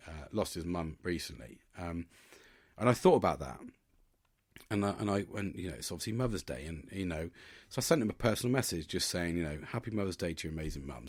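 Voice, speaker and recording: A man, the host of a podcast, talking through a casual reflective monologue, chatty and swearing freely, often asking "do you know what I mean". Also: low-pitched.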